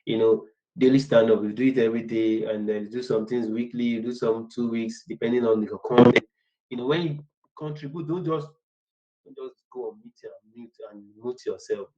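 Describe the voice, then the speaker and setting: A man's voice: medium pitch, steady tone, moderate pace, mellow, highs cut off. A man teaching business analysis in a casual, rambling way. He repeats words and acts out short workplace exchanges. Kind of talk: casual online lecture.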